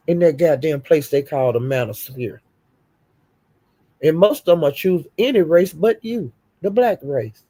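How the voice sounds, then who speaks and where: A woman's voice: deep voice, creaky, dark tone, husky, no room sound. A middle-aged woman hosting a livestream, delivering a heated, profane and emphatic scolding rant. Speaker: livestream host.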